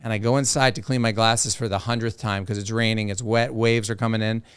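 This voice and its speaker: Animated man telling a fishing story. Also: on the low side, brisk, clear, resonant tone, no echo, clean studio sound. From South Florida. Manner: animated storyteller who acts out quoted voices. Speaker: professional angler and TV host, podcast guest. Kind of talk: casual storytelling.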